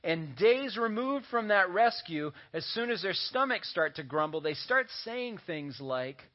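A man's voice: high-pitched, expressive, measured pace. A man preaching a sermon as a pastor, talking conversationally and slipping in joking asides. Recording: dull lo-fi audio recording.

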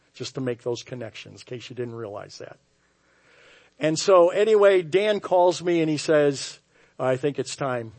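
Wry male pastor telling a dramatic story. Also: a little high. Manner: dramatic storyteller, dropping to hushed tones and rising to loud outbursts; wry, self-mocking humor. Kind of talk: sermon storytelling. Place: church sanctuary.

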